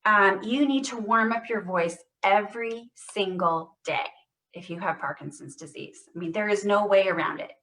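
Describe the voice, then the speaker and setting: A woman speech therapist leading a voice exercise class over a video call, modelling short phrases loudly and stressing every single word. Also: mid-range voice, far from the mic, poor audio. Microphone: computer mic on video call.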